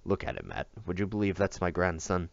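Brief: a very old, commanding patriarch with a dry, gravelly growl, as a male reader puts him on. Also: low-pitched, sing-song, fairly quick, dry recording, lo-fi sound, heavily acted. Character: ancient, domineering old man patriarch.

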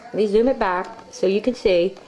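A woman's voice: medium pitch, normal speed, warm tone, low-quality recording. A woman filming home video, talking playfully and coaxing someone in her care. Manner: playful, coaxing sing-song toward a patient. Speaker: family caregiver. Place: clinic and bedroom. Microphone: handheld camcorder.

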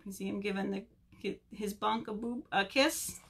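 A woman librarian leading a virtual story time, reading a picture book aloud and chatting to young children in an animated way. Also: mid-range voice, gravelly, background noise. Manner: animated, slow, talks to children.

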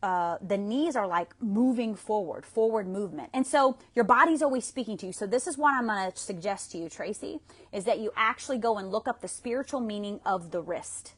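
A woman's voice: medium pitch, fairly quick, a bit bright, breathy edge. Chatty woman hosting a tapping livestream. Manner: chatty, affectionate, rambling with restarts. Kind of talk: casual livestream coaching. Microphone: phone.

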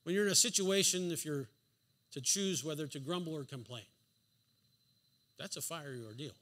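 At a normal speed, a man with a fairly bright, high-leaning voice preaches in a church sanctuary. Emphatic rhetorical questions carry his argument, and he drops in a dry, sarcastic aside from time to time.

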